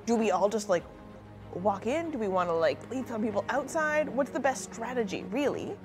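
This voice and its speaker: A woman's voice: on the high side, lively intonation, moderate pace, over music. Chatty woman player, voice all up and down. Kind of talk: tabletop game chat.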